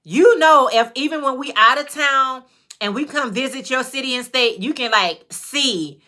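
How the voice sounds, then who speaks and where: While crocheting hats live for her viewers, a Chicago woman with a local accent keeps up casual chatter in a high, bright, forceful voice. She says hello to people by name and lets her phrases stretch out.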